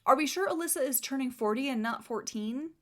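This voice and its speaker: A woman's voice: sits high, fairly quick, a bit bright. A young woman reviewing a book she dislikes, sarcastic and exasperated, often reading passages aloud.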